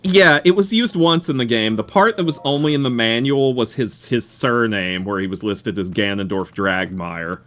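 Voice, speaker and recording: A man's voice: medium pitch, normal speed, hardly any pauses, fairly bright tone. A man hosting a live game stream, chatting casually, laughing often and sharing franchise trivia. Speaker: streamer host.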